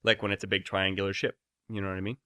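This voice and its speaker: A man's voice: sits low, level tone, racing, sharp tone, clean tone, no room sound, studio quality. A man co-hosting a comedy podcast, riffing playfully through a movie parody. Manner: jokey, playful, slips into silly character voices. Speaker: podcast co-host.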